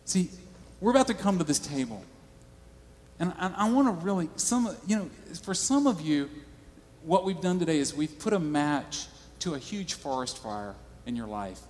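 A man's voice: on the high side, sing-song, moderate pace, darkish tone, in a large hall, slight background noise. A male pastor preaching a sermon in a church, conversational and storytelling.

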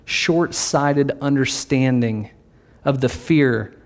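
Gravelly-voiced preacher, conversational and animated. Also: male voice, mid-range voice, takes it slowly. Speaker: pastor. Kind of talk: sermon.

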